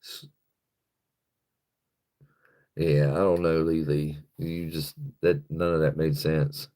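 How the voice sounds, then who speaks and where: A man's voice: extremely low pitch, level tone, unhurried, dark tone. A man chatting casually on his live stream, rambling loosely and swearing freely, into a phone on a stick.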